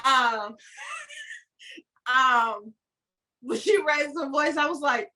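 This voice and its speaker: A chatty woman co-hosting a podcast, teasing as she talks. Her voice is very high and sharp-edged. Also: drawn-out words. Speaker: podcast co-host. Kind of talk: casual chat.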